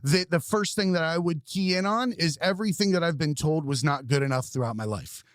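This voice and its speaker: A man's voice: a little high, fairly quick, dry recording, studio quality. A man hosting a podcast, talking candidly and casually, swearing freely and repeating words as he thinks. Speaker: podcast host. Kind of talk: casual conversation.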